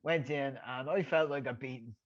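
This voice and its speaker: A man's voice: medium pitch, normal speed, dull audio. A middle-aged Irish man, a guest telling stories in a rambling way, repeating words and laughing at his own tales. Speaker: guest, former boxer. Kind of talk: casual storytelling.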